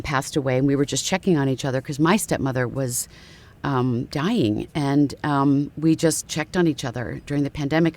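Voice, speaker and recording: A woman voice actress chatting casually as a podcast guest. She talks in a lively, storytelling way and keeps jumping into little character voices to act out her stories. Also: extremely low pitch. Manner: animated storyteller who slips into character voices. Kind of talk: casual interview chat.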